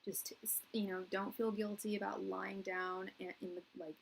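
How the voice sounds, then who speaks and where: A woman's voice: medium pitch, level tone, moderate pace, gravelly, slightly rough, rough recording. A woman in her thirties giving a live tarot reading, rambling and earnest, full of restarts and "like", at times teary. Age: 30s. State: tearing up. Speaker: tarot reader.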